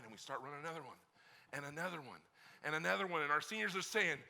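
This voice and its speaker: A man preaching a sermon as pastor, telling a story in an animated way that swings from hushed to shouting. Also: a little high, fast talker.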